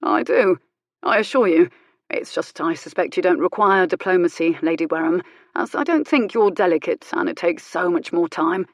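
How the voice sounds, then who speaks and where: A woman voicing a calm, dry-witted male country vicar who speaks mildly but bluntly. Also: fairly low pitch, normal speed, no echo. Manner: mild, blunt, quietly commanding.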